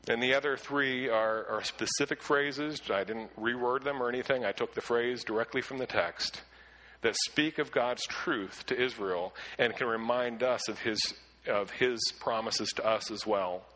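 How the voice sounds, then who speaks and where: A man preaching a sermon with earnest emphasis, who often repeats words as he starts a sentence and slows down to read scripture aloud. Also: mid-range voice, bright, forceful tone, poor audio. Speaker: pastor.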